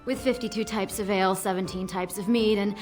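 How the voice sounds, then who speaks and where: A woman's voice: mid-range voice, fairly even intonation, brisk, darkish tone, lightly acted. An actress playing a welcoming female tavern hostess in a video game, speaking in a polite, hospitable manner. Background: game music.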